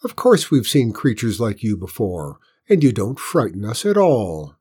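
A man playing a calm, unflappable grown man who answers in a dry, matter-of-fact way. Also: lowish voice, normal speed, breathy edge. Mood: defiant.

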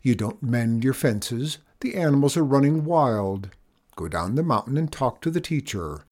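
A man's voice: medium pitch, animated, moderate pace, darkish tone, lightly acted. Man reading a firm, practical farmer's wife. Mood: urgent. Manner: earnest, urging.

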